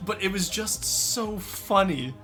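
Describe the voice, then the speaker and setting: A man's voice: high voice, slow, faint music behind. A young man chatting with his stream viewers, laughing often. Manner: animated, laughs often, talks to chat. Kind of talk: casual live-stream chat.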